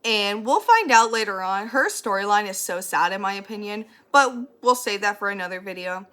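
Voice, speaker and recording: A woman giving a casual spoiler recap of a show, blunt, opinionated and quick to swear. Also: medium pitch. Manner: blunt and ranty, swears freely; animated and opinionated. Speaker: YouTuber recapping a TV episode.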